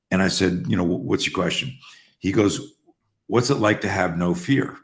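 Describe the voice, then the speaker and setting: A man with a very low voice tells stories casually and with energy. He restarts his sentences often and swears freely. He sounds like he is in a roomy space with a clear echo. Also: fairly quick. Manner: animated, profane, restarts often. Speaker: host. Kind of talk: casual storytelling talk.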